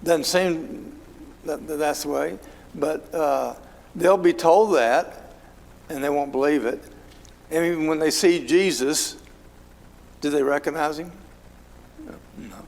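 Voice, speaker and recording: A man's voice: a little high, slow pace, creaky, long pauses, a little mellow, long reverb tail, poor audio. A man leading an informal Bible study in a church, talking conversationally and asking his class questions. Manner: conversational, asks the class questions, many fillers. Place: church hall.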